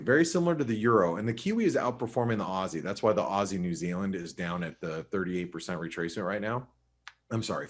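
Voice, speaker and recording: A man's voice: on the low side, slightly rough. A man hosting a live webinar, talking viewers through charts in a casual, chatty way, with frequent restarts and fillers. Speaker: host and market analyst.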